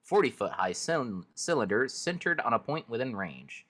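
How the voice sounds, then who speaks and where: A man's voice: mid-range voice, very animated, normal speed, a bit bright. A man playing a tabletop fantasy game over a voice call, explaining his spell and dice rolls. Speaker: player. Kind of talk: casual tabletop game play.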